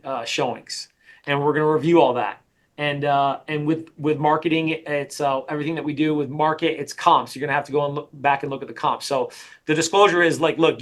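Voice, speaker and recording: A middle-aged man coaching a sales team, talking in an energetic, emphatic way and often repeating his points. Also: a little high. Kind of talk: coaching session.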